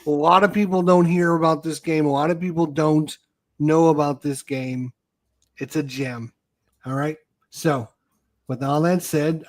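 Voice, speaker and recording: A man hosts a live show over a video call in a slightly high voice. He talks eagerly and repeats key phrases for emphasis. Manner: enthusiastic, repeats himself for emphasis. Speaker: host. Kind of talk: casual live-stream chat.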